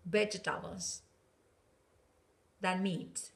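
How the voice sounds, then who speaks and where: A woman teaching an English class, slow and patient, often checking in with "yes, okay?". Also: medium pitch, pushed and bright, distant mic. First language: Spanish. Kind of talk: recorded online class. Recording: roomy, from off-mic.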